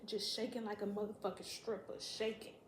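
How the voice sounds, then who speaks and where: A woman telling a story to camera in a casual, profane, animated way, acting out what people said. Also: medium pitch, a little fast, a little hiss or hum. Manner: profane, animated, acts out quotes. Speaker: storytime vlogger. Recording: echoey room.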